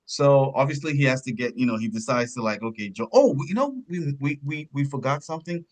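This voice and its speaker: A man co-hosting a podcast, chatting casually about a film, rambling and searching for words, his pitch jumping up when surprised. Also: animated, fairly quick. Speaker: podcast co-host. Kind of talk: casual film review chat.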